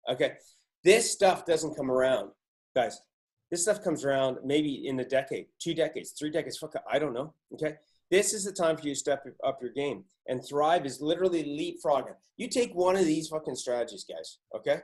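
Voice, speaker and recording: A man's voice: medium pitch, brisk, darkish tone. A man hosting a podcast, talking casually in an emphatic, profane way that hammers his points home. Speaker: podcast host.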